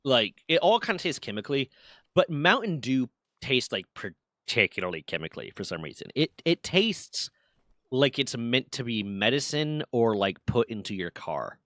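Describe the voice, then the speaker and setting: Animated, swearing young man telling stories. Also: medium pitch, moderate pace, no room sound, clean studio sound. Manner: animated storyteller, swears often, acts out quotes. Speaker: streamer. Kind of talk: casual chat while gaming.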